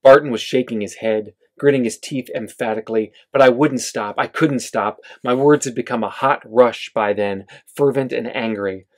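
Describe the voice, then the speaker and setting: A man's voice: medium pitch, moderate pace, few pauses. A man, the author, reading his novel aloud at a bookstore event, with casual asides to the audience. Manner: steady reading with filler-heavy asides.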